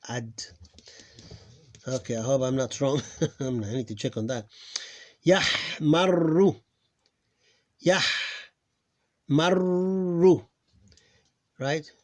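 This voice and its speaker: A man's voice: mid-range voice, fairly even intonation, fairly quick, dark tone. A man teaching Arabic phonics in an informal lesson, thinking aloud, correcting himself and stretching out the example words he models.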